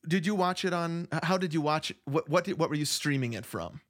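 Podcast guy cracking jokes, slightly higher pitched voice, easygoing chat. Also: animated, brisk, a bit bright. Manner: joking, easygoing, thinks aloud with restarts. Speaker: podcast co-host. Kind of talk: casual chat about a film.

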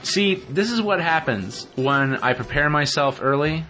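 A man's voice: fairly high pitch, animated, a little slow, sharp tone, poor audio. A man hosting a casual podcast, joking around and rambling, often correcting himself. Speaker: podcast host. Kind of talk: casual chat.

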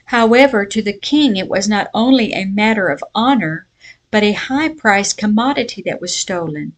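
A woman giving a devotional Bible lesson and reading a folk tale aloud in a measured storytelling voice. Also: medium pitch. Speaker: Bible teacher.

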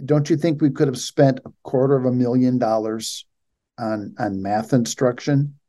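A man's voice: medium pitch, fairly even intonation, moderate pace, mellow. A man hosting a show, reading out a news article and mocking it with sarcastic commentary. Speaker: show host.

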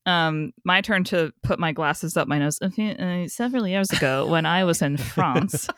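A podcast co-host chatting casually, talking with lots of fillers and breaking into laughs often. The voice is smooth and resonant, sitting in a middle pitch. The sound is close and dry. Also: normal speed, fairly bright tone, no room sound. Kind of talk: casual chat.

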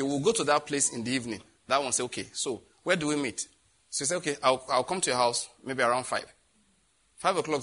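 A middle-aged Nigerian man preaching, telling a lively story and acting out the voices of the people in it, laughing often. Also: mid-range voice, breathy edge. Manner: animated, acts out voices in anecdotes, laughs often. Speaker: pastor. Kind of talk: storytelling sermon.

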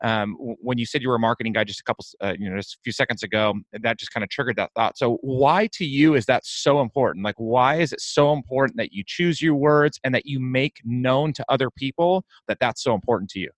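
A man's voice: medium pitch, quick pace, few pauses, no room sound. A male podcast host with a mid-range voice asks questions and thinks aloud in long, searching sentences. The recording is close and dry. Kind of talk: interview conversation.

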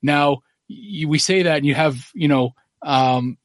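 A man's voice: on the high side, a little slow, dry recording, studio quality. A man hosting a podcast in casual chat, rambling and opinionated. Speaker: podcast host.

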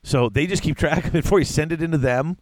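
A man's voice: fairly high pitch, fast, no room sound. Rambling man in casual chat. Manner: rambling, animated, many restarts. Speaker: podcast co-host.

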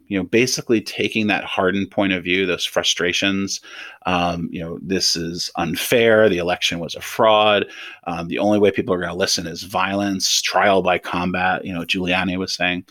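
A deep-voiced man gives measured, thoughtful interview answers as an expert guest. He often pauses on ums and restarts his sentences. The recording is dry and close. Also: fairly bright tone, no room sound. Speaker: threat assessment expert guest.

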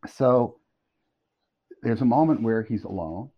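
A middle-aged man telling a long anecdote as a podcast guest, animated and quick to laugh. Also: medium pitch. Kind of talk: storytelling anecdote. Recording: dull lo-fi audio.

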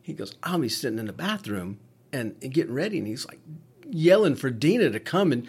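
This paramedic and podcast co-host has a mid-range, darkish voice with a breathy edge and big swings in pitch, speaking at normal speed. In casual talk he tells stories peppered with swearing and many restarts.

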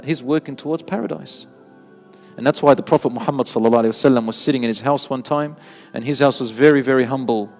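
Animated male preacher in a reverberant hall. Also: a little high. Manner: animated, repeats words for emphasis, mixes in Arabic. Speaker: Islamic preacher. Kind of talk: sermon with storytelling.

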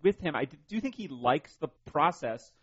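A man's voice: on the high side, expressive, normal speed, breathy edge. A man talking casually as a radio co-host, wry and irreverent, with the odd curse. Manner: wry, irreverent, swears freely. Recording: slightly dull broadcast audio.

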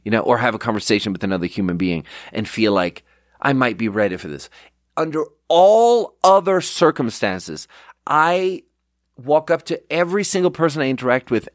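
A man's voice: mid-range voice, no room sound, clean studio sound. A man hosting a podcast alone, talking in a rambling, digressive, self-deprecating way and acting out the people in his stories. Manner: animated storyteller who acts out quotes. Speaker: podcast host. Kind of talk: casual solo monologue.

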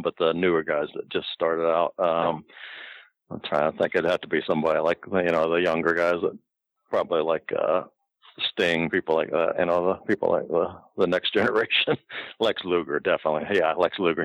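Deep-voiced older man, rambling road stories. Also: fairly bright tone, no room sound, rough recording. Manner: rambling, with many fillers and restarts. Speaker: former pro wrestler telling road stories. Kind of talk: casual storytelling.

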